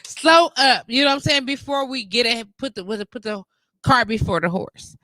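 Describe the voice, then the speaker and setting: Bright-voiced chatty woman host. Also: on the high side, quick pace, dry recording. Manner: animated, repeats "you get what I'm saying". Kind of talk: casual live-stream chat.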